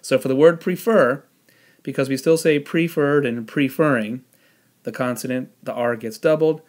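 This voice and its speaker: A man teaching a spelling lesson, explaining the rules patiently step by step and pausing on the odd "um". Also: medium pitch. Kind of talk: spelling lesson with classroom instructions.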